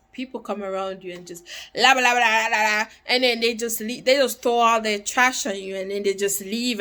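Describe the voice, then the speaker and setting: A woman gives relationship advice straight to her viewers. Her voice sits a little high, and she talks in an animated, preachy way with playful teasing asides. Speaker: relationship vlogger. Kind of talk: casual advice monologue.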